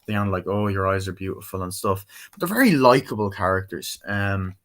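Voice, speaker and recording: A man's voice: deep voice, expressive, brisk, fairly bright tone. A man giving a casual, rambling movie review, loose and full of fillers, swearing now and then.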